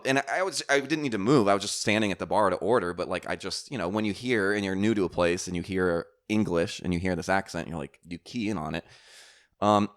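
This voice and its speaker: A man's voice: deep voice, a bit bright. A man hosting a casual podcast chat, telling stories in a rambling way with many fillers and restarts. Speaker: podcast host.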